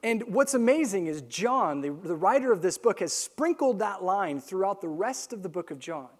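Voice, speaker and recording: A young man preaching a sermon, telling a lively story and acting out the quotes. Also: high voice, moderate pace. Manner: animated storytelling with acted-out quotes. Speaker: pastor.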